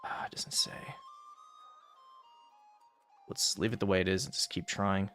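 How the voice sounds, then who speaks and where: A man's voice: fairly low pitch, huge pitch swings, unhurried, a bit bright, faint music behind. A young man streaming a strategy game, casually thinking aloud through his moves and muttering calculations, now and then flaring into exasperated rants. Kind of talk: casual gameplay commentary.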